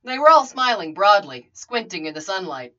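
Woman reading a story aloud, lively. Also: mid-range voice, normal speed, muffled recording. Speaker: reader. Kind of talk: storybook narration.

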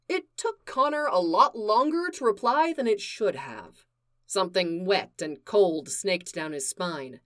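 Slow, measured woman reading a story. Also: medium pitch, big pitch swings. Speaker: reader. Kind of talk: reading fan fiction aloud.

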